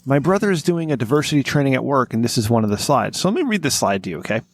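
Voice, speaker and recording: A man hosting a casual podcast chat over a call, talking in a profane, animated way and laughing often. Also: medium pitch, racing, no echo, studio quality. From Italian-American. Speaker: podcast host.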